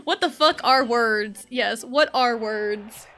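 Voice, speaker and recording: Giggly young woman streamer, high voice. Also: slow pace, a bit bright. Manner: giggly, self-mocking. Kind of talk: casual gaming livestream chat. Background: faint game music.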